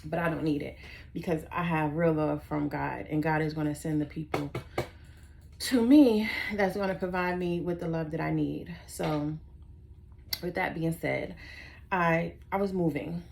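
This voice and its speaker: Woman in her forties, casual vlog storyteller: rambling, sassy, low and gravelly. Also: measured pace, darkish tone, a little hiss or hum. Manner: rambling, sassy, easily sidetracked. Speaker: vlogger.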